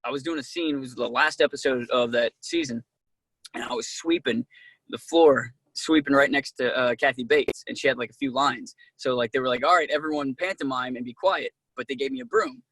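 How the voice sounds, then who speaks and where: A man being interviewed as an actor, telling casual, animated stories and acting out what people said, with many fillers. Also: medium pitch, fairly quick, no echo. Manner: animated, acts out quoted dialogue, many "like"s. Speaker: actor guest.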